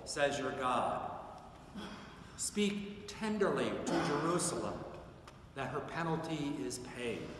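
A man giving a deliberate, solemn scripture reading at a worship service, recorded in a church sanctuary from a distant mic. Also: fairly high pitch, a bit bright, a little hiss or hum. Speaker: scripture reader. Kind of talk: slow, measured scripture reading. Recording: echoey church from far off.

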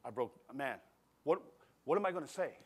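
A middle-aged man preaching a sermon in a church service, telling a personal story in a conversational, animated way and swinging between quiet and loud. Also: mid-range voice, normal speed, breathy edge. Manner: animated, conversational, acts out scenes with shifting loudness. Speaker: pastor.

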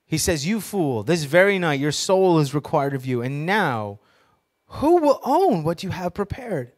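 A man preaching a sermon in a slightly higher voice than most men. He reads scripture aloud with emphasis and keeps asking his listeners questions. Now and then he drops a joking aside. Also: very animated, measured pace. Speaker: pastor.

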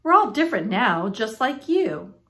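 A woman voicing an excitable small-town mayor in a storybook read-aloud, exclaiming eagerly. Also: mid-range voice, very slow. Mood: excited.

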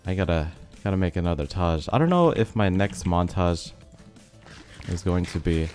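Laid-back young man with a deep voice. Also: animated, normal speed, a little mellow. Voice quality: slightly sick, rough voice. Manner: rambling, filler-heavy, laid-back. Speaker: gaming video host. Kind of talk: casual commentary over gameplay. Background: faint background music.

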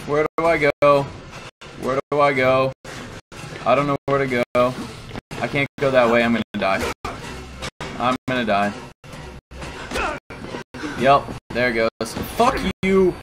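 A man giving horror game commentary as a let's play gamer, jumpy and swearing constantly, breaking into panicked yelling. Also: mid-range voice, lively intonation, unhurried, pauses often, low-quality recording. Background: game music.

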